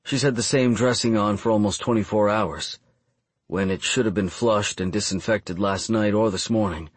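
A man reading a first-person audiobook narration in a measured, even storytelling delivery. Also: lowish voice, slightly rough, no room sound.

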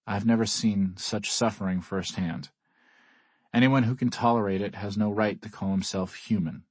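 A man narrating a first-person audiobook in a measured, grave manner, husky, on a close mic. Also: on the low side, fairly even intonation, a little mellow, no room sound.

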